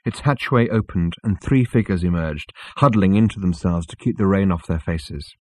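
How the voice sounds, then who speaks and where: A man narrating an audiobook in a calm, measured storytelling manner. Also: sits low, no echo. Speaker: audiobook reader. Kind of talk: scripted narration.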